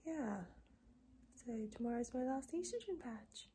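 A woman in her twenties talking casually in a video diary, soft and breathy, often near a whisper, low and tearful. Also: big pitch swings, slight background noise. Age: 20s. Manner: soft, breathy and often close to a whisper, with many pauses and fillers. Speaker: vlogger.

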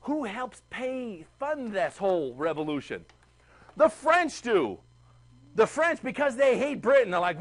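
A man teaching a history class, chatty and animated, asking the class questions. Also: high voice, normal speed. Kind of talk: classroom lecture.

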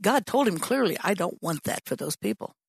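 A woman's voice: on the low side, very animated, fairly quick, creaky, breathy edge, no room sound. A woman pastor teaching a sermon in a conversational way, often slipping into the voices of the people she describes. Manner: conversational, acts out prayers and dialogue in changing voices. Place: church.

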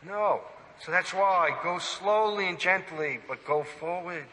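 A male priest preaching a sermon with a very bright, forceful voice, a little higher than most men. He is emphatic and animated, often putting questions straight to his listeners. His voice rings out in a church with a long reverb. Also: moderate pace, hardly any pauses.

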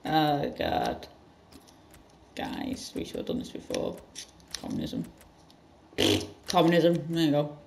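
A gaming channel host giving rambling let's-play commentary with sudden loud outbursts. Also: mid-range voice, huge pitch swings, a little slow, vocal fry, pauses often, slight background noise.

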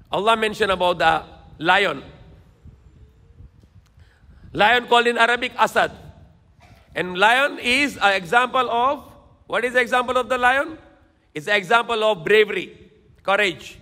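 A man's voice: sits high, moderate pace, pauses often, pushed and bright, big-room sound. A man preaching a sermon lecture in emphatic, repetitive phrases, now and then switching into Tagalog. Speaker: Islamic preacher.

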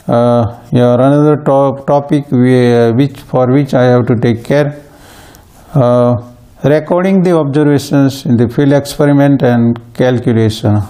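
A man giving a plant pathology lecture, slow and halting, with frequent fillers and restarts. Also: mid-range voice, fairly even intonation, warm tone, clear, resonant tone. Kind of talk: recorded university lecture.

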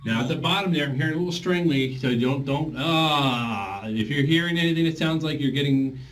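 Recorded from a distance with faint noise behind him, a fast-talking voice therapy instructor with a fairly high voice guides his group class. He breaks things down step by step and demonstrates by singing vowel exercises.

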